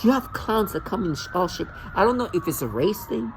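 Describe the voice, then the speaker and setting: A man's voice: sits high, very animated, brisk, slight background noise, rough recording. A man vlogging alone in a rambling, agitated and mocking rant, often stumbling and restarting his sentences. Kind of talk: rambling monologue to camera.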